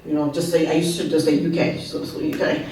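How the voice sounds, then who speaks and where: Low-pitched and a little mellow, this woman speaks rapid-fire with a flat delivery. An author in her fifties at an open mic in an art venue, she shares comic personal stories, chatty and laced with asides and questions to the audience. The recording is very echoey, with her voice coming from a distance.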